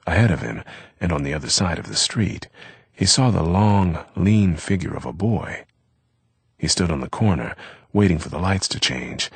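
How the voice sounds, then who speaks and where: Male audiobook narrator, very low voice, husky, dry close recording, measured steady reading. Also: no echo.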